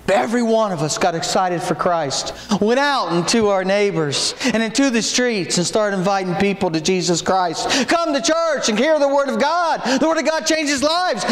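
A man preaching a sermon, folksy in his storytelling and breaking into shouted exhortations. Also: very high voice, animated, normal speed, few pauses. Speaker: pastor. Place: church sanctuary. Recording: echoey church room.

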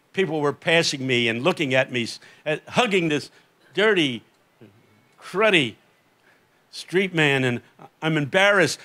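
High, bright-voiced older male preacher. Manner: impassioned storytelling, rising to emphatic peaks. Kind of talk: sermon. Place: festival main stage.

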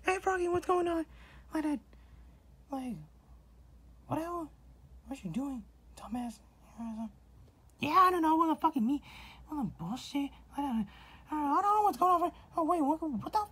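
Very high-pitched woman ranting and swearing. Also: lively intonation, normal speed, pauses often, fairly bright tone. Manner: crude, swearing, insulting, rambling with fillers. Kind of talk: profane ranting monologue.

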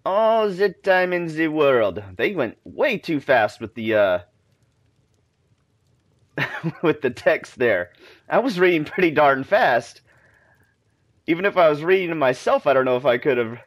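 A man's voice: on the high side, very animated, measured pace, long pauses, no room sound. A man commenting in a jokey manner as he plays a video game, reacting aloud. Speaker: gaming video host. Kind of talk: let's play commentary.

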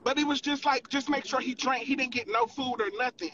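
High-pitched, profane, animated, gossip storytelling, faint hiss, dull livestream audio. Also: a little fast. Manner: profane and animated, constantly calling the listener girl and boo.

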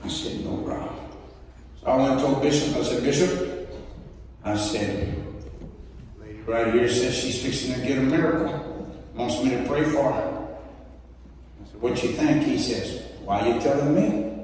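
A man's voice: medium pitch, normal speed, long pauses, darkish tone. A man preaching as a guest evangelist, telling a funny story with playful asides to the congregation. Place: church sanctuary. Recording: echoey church hall, distant mic, noisy.

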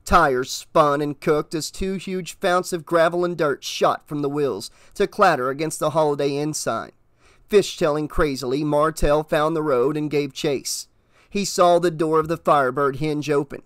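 A man narrating an audiobook in a steady, measured reading voice. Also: fairly high pitch, clear, resonant tone, no room sound, studio quality.

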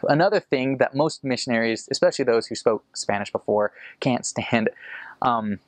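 An American man explaining casually, rambling with fillers and restarts, and slowing down to demonstrate sounds. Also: medium pitch, no echo. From United States. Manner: demonstrates sounds slowly and carefully. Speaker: returned missionary explaining an accent.

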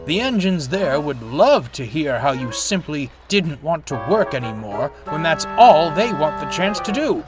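A man's voice: medium pitch, big pitch swings, unhurried. A man voicing a big, friendly male diesel engine who talks kindly and cheerfully, with music playing behind him. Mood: cross. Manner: cheerful and kind, sometimes snapping.

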